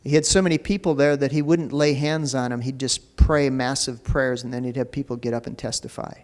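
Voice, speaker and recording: A man's voice: mid-range voice, steady tone, brisk, a little mellow. A man preaching a sermon as pastor, talking in a loose, conversational way full of fillers. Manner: conversational preaching with many "you know" fillers. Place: church sanctuary. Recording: long reverb of a church hall.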